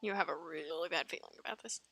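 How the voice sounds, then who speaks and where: A woman streamer reading a fan-made visual novel aloud in an expressive, giggly manner, faint game music behind. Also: low voice, fast talker, gravelly, slightly rough. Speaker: let's play streamer.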